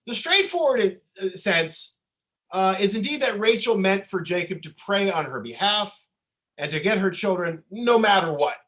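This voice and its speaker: A man's voice: sits high, a bit bright, low-quality recording. A man leading a Torah study lesson as rabbi on a video call, talking conversationally and often checking in with "okay?" and "right?". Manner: frequent restarts, winding explanation.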